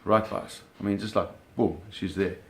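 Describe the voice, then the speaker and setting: Lively man telling a fishing story. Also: moderate pace, gravelly, a little hiss or hum. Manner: animated, with sound effects like "boom" and acted quotes. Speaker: storyteller recounting a fishing trip. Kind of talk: casual spoken storytelling.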